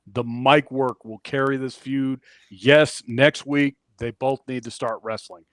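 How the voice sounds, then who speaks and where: A man's voice: mid-range voice, steady tone, unhurried, a bit bright, no room sound. Man animatedly recapping wrestling. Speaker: wrestling podcast co-host. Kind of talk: casual chat.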